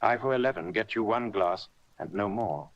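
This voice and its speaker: A man's voice: on the low side, normal speed, dull audio, close to an everyday voice. A man voicing a young boy who answers firmly and earnestly. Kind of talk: audiobook character reading.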